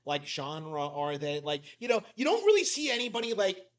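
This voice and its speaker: A man with a notably high voice rambles through mocking reaction commentary. He leans on "like" constantly and sounds scornful toward his subject. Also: wildly swooping pitch, normal speed. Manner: mocking, heavy use of "like" fillers. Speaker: commentary YouTuber.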